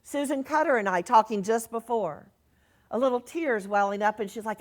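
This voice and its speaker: A middle-aged woman minister giving an earnest sermon, reading messages aloud and softly repeating reassuring phrases. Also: a little high, moderate pace.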